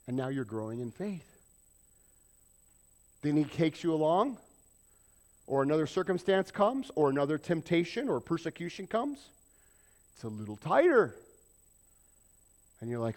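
A man's voice: on the high side, big pitch swings, a little slow, pauses often, darkish tone. A man preaching a sermon, acting out people's prayers and joking with the congregation. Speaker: pastor.

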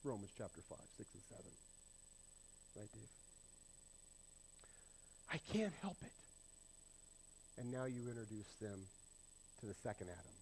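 A male pastor preaching a sermon, emphatic and swinging between loud declarations and hushed asides. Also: on the low side, brisk, vocal fry, long pauses, a little hiss or hum, poor audio.

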